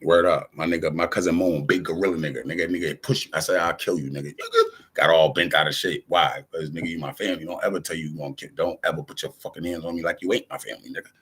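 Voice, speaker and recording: This man's voice is extremely low and breathy, and he talks quickly. He's a rapper addressing the camera in a loose, rambling monologue of profane street slang, animatedly hopping between subjects and performing other people's lines.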